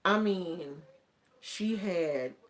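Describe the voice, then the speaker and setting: An American woman talks her way through a personal story at an unhurried pace. Her voice sits a little low, and her talk is plain and colloquial, with plenty of fillers and restarts along the way. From United States. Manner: slow, drawn-out and colloquial, with many fillers. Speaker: vlogger telling a personal story. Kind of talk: casual storytelling.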